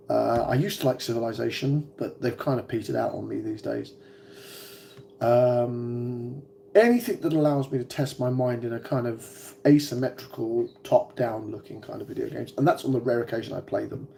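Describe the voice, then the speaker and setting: A man's voice: medium pitch, vocal fry, warm tone, a little hiss or hum. A man in his forties with a British accent, chatting casually with viewers on a livestream, rambling and hesitant with many ums and restarts. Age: 40s. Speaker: vlogger.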